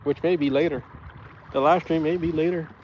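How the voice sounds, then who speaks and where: A man's voice: fairly high pitch, steady tone, fairly quick, highs cut off, slight background noise. A man live-streaming from a small fishing boat, chatting casually and rambling through stories, often correcting himself. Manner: rambling, self-correcting storyteller.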